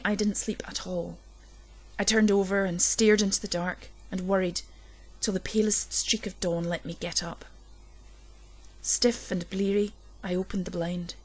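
A woman reading a dark first-person story aloud, low and intense, swelling at the tense moments. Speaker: narrator. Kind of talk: scripted horror story reading.

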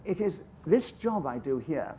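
A man's voice: a little high, very animated, a little slow, mellow, a little hiss or hum. Chatty older man, English upper-class accent. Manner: chatty and self-amused, with frequent restarts and asides. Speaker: guest author. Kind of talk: anecdotal storytelling on stage. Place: festival stage.

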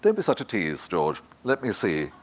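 A man's voice: medium pitch, big pitch swings, brisk, voice pushed up. A man reading an audiobook, voicing a proud, tart young woman who hides her nerves behind clipped replies. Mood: brisk. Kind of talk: audiobook character voice.

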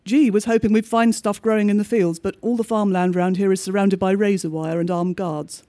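A man with a notably high voice reads a bleak diary-style story aloud. His delivery is measured and understated, with each entry set down plainly. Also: steady tone, warm tone. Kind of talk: scripted narration of a diary story.

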